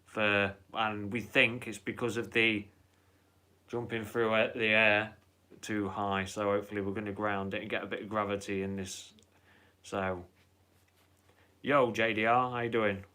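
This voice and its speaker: A low-voiced man rambles casually through a live stream, greeting viewers and chatting. His tone has a bright, forward edge. He swears freely and in an easygoing way. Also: little pitch movement, unhurried.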